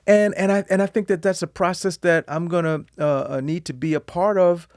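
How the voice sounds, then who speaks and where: A man, a guest on an interview podcast, telling candid personal stories in a lively, expressive way. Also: fairly quick, no room sound, studio quality. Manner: animated storyteller, lively swings in pitch and volume.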